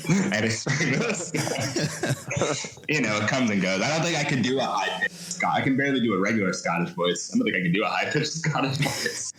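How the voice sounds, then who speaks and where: A man playing a tabletop game, playful and quick to laugh. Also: on the low side, roomy sound, a crowd in the background, low-quality recording. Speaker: player. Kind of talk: casual tabletop play.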